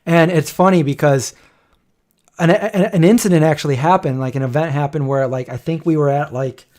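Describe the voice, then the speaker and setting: A man's voice: fairly high pitch, moderate pace, a little mellow. A middle-aged man hosting a casual livestream chat, rambling and joking as he tells stories. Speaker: host.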